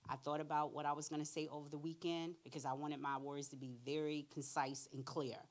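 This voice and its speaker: A middle-aged woman, her voice low and full in the chest. She tells stories in an animated way, putting on the voices of the other people, and gives frank advice in a direct, plain-spoken way. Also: fairly quick. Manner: animated storyteller, acts out both sides of conversations. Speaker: career readiness speaker. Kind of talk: church workshop talk with acted-out anecdotes.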